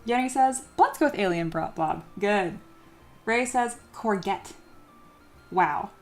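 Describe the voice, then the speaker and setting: An expressive, unhurried woman with a medium-pitched voice runs a 3D sculpting livestream. She chats casually as she works, reading viewer comments aloud with self-deprecating humor, while soft music plays behind her.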